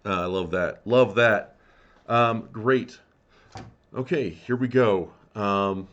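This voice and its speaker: A man running a tabletop game as game master, chatty and relaxed, rambling with lots of ums. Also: fairly low pitch, slow. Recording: dull lo-fi mic.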